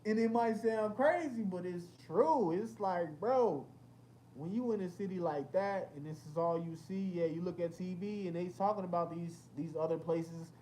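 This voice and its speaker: A young man with a high-pitched voice, speaking at normal speed, hosts a casual livestream with a little hiss or hum in the audio. He tells animated stories packed with slang and cursing and reads out chat comments.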